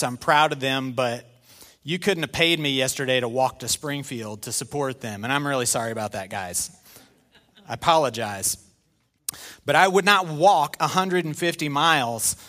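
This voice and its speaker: A middle-aged male pastor preaching a sermon in an animated, conversational way with self-deprecating humor. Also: a little high.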